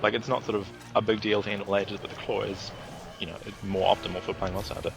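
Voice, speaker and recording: New Zealand guest, brisk and chatty, low register. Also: male voice, fairly even intonation, gravelly, over music. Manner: chatty, explains at length, laughs easily. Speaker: podcast guest. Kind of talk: casual chat over gameplay.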